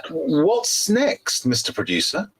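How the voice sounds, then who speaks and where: A man's voice: a little high, wildly swooping pitch, slow pace, fairly bright tone, slightly rough, rough recording. A man hosting a casual panel chat on a live stream, sweary and enthusiastic, often repeating himself. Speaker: host.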